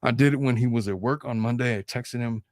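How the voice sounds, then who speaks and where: A man's voice: mid-range voice, quick pace, a little mellow, no echo, studio quality. A man hosting a casual podcast chat, talking bluntly and animatedly and swearing freely. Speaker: host.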